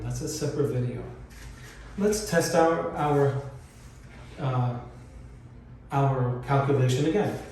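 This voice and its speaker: Slow-talking man teaching in an echoey room. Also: mid-range voice, warm tone, a little hiss or hum. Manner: patient, explains step by step, repeats points. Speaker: wallpaper installer teaching beginners. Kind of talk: hands-on instructional demonstration. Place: indoor room being wallpapered. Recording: very echoey room, voice from far off, faint ambience.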